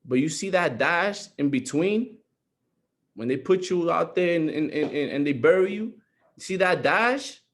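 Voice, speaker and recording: Expressive and measured, a young man's fairly high voice carries an earnest pep talk to a group call. He keeps restating his points, becoming steadily more emphatic.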